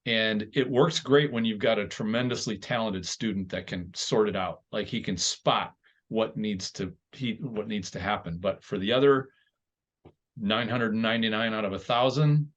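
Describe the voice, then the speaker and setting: A man with a fairly low voice hosting a podcast, laying out his thoughts in a measured, explanatory way. The sound is dull and lo-fi, with muffled top end. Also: fairly bright tone. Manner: measured, explanatory, builds points step by step. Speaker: podcast host. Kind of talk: conversational podcast talk.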